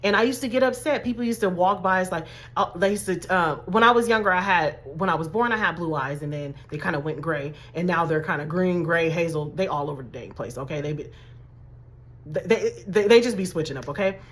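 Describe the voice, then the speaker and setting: Chatty animated woman life coach. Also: fairly low pitch, brisk. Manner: animated, chatty, addresses viewers as y'all and baby. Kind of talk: motivational talk to camera.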